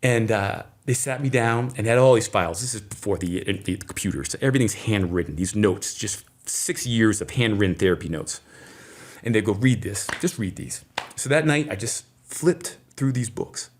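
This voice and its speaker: A middle-aged man from Maine, an interview guest, telling a personal story in a lively way and acting out the voices of people in it. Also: on the low side, normal speed. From Maine, USA. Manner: animated storyteller who acts out quoted voices. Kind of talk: storytelling in conversation.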